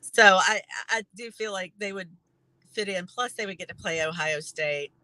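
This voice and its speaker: A woman giving her take in a casual panel chat, chatty and quick to laugh. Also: mid-range voice, pushed and bright, dry recording, poor audio. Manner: chatty, laughs often, loose phrasing. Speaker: panel guest.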